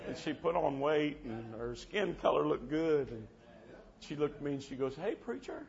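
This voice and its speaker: A man preaching a revival sermon in church, telling stories and swinging from soft-spoken to shouting. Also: fairly high pitch, normal speed, gravelly. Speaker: traveling preacher. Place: church service. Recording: dull muffled sound with faint background hiss.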